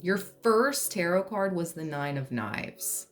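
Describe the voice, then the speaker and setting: A woman's voice: on the low side, expressive, slow, faint music behind. A woman giving a pick-a-card tarot reading in a playful, joking way, now and then bursting into song. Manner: playful, laughs to lighten things, breaks into humming and song. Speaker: tarot reader.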